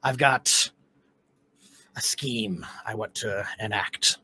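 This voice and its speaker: A man putting on a gruff scheming pirate. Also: fairly low pitch, slow, pushed and bright, voice pushed down, heavily acted. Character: gruff greedy male pirate captain.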